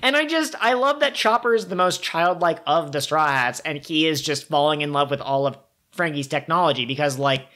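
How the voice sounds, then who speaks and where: A woman co-hosting a casual podcast chat, talking in a lively way and often acting out characters' lines in goofy voices. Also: low-pitched, fairly quick. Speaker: podcast co-host.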